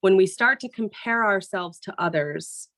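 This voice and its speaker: A woman who reads the morning news on TV talks to a group in a relaxed, plain-spoken way. Her voice sits at an ordinary pitch for a woman. She speaks like a real person rather than a formal newsreader, and often checks in with "right?". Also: measured pace. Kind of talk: casual motivational talk to a group.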